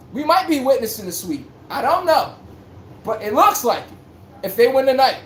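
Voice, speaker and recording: A man hosting a livestream sports talk show for his chat, brash and joking, full of slang and sudden bursts of hype. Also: sits high. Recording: roomy echo with faint background hum.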